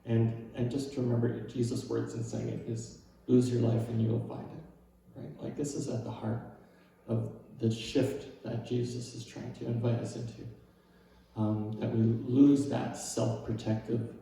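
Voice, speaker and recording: A man giving a casual, conversational sermon to his church, often checking in with asides and gently poking fun at himself. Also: mid-range voice, level tone, a little slow, creaky, heavy reverb, far from the mic, a little hiss or hum, low-quality recording. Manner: casual and self-deprecating, with frequent "right?" asides. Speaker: preacher.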